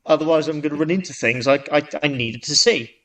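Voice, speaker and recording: A man voicing a calm blind man in a told joke, explaining things matter-of-factly. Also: a little high, quick pace, natural voice.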